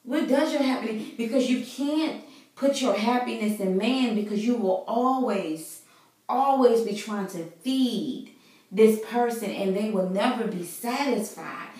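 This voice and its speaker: A woman's voice: a little high, measured pace, a little mellow, far from the mic. A woman vlogger giving an earnest, preachy faith talk to her viewers, casual and full of fillers. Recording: very echoey room, voice away from mic.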